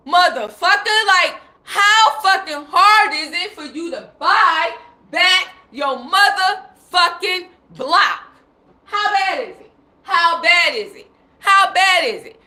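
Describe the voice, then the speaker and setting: A woman's voice: extremely high pitch, expressive, slow pace, bright, forceful tone. A woman speaking on a live stream in an emphatic, rambling, profane monologue. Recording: echoey room.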